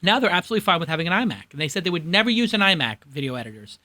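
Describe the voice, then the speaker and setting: A man with a Brooklyn accent hosting a studio panel, opinionated and animated. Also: a little high, rapid-fire. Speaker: host. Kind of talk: panel discussion.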